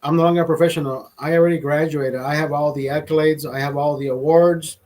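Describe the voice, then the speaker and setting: A man's voice: on the high side, fairly even intonation, fast, a little mellow. A man hosting a casual livestream, rambling and swearing, laughing often as he talks to viewers. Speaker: livestream host.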